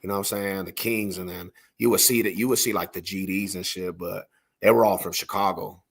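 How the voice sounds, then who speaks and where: A man's voice: sits low, fairly even intonation, brisk, vocal fry, husky. A man from Denver telling street stories in a casual podcast chat, slangy and rambling, full of "bro" and "homie". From Denver, Colorado.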